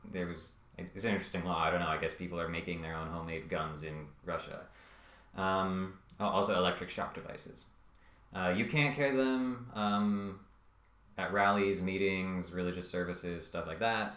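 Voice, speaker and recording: Low-voiced man, hesitant commentary, echoey room. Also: fairly bright tone. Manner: hesitant, many ums and uhs, wry asides. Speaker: video essayist. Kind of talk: casual scripted commentary.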